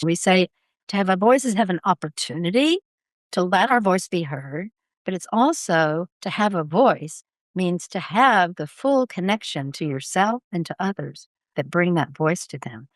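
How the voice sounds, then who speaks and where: A woman voice coach speaking in a podcast interview, with an expressive, emphatic teaching delivery. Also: mid-range voice, dry recording. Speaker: voice coach guest.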